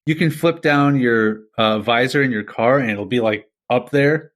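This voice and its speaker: A man's voice: mid-range voice, moderate pace, a bit bright. A young man co-hosting a podcast, chatting casually, laughing often and putting on playful mock voices. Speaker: podcast co-host. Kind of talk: casual comedic chat, reading a story aloud.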